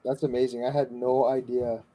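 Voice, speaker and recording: A man's voice: medium pitch, little pitch movement, normal speed, warm tone, rough recording. A man hosting a podcast, enthusiastic and casual, swearing and calling his guest "bro". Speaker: podcast host. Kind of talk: casual interview chat.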